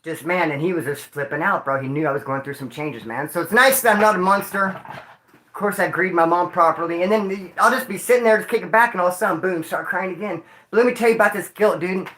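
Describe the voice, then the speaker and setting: Grieving and emotional, this livestream host speaks in a high-sitting, quick, pushed and bright voice, with a roomy sound to the audio. He keeps it slangy and casual with his chat, addressing them as dude and homeboy.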